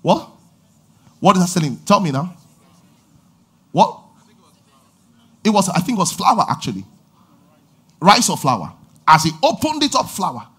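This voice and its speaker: Animated pastor, husky voice. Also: male voice, sits high. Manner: animated preaching with sudden loud exhortations and acted quotes. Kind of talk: sermon. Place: church auditorium.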